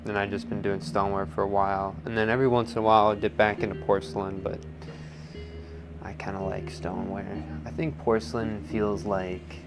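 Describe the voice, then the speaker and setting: A man's voice: lowish voice, little pitch movement, brisk, music in the background. A man who makes pottery, chatting in a rambling, joking way with lots of fillers. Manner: rambling, filler-heavy, jokey. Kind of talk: casual interview chat.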